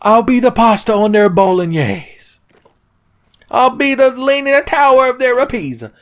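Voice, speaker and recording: A ranting mock-Italian designer. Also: male voice, very high voice, expressive, unhurried, pitched above the performer's own voice. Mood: indignant. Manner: ranting, boastful.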